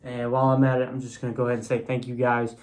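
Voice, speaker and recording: A man's voice: medium pitch, completely flat delivery, very fast. A man casually reviewing an action figure on camera, talking loosely with lots of fillers and restarts. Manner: rambling, many fillers and restarts. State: has the hiccups. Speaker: toy reviewer.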